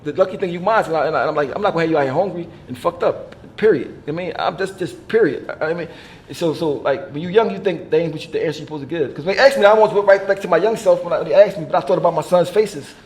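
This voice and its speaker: Fast-talking high-voiced man telling stories. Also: slight background noise. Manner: rapid, animated, profane, laughs while telling stories. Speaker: artist being interviewed. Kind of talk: casual storytelling chat.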